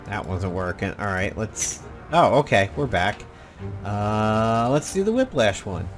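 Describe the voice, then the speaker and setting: A man's voice: fairly low pitch, very animated, measured pace, soft background music. A man hosting casual gameplay commentary, rambling and blunt, with the odd swear. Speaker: gaming channel host.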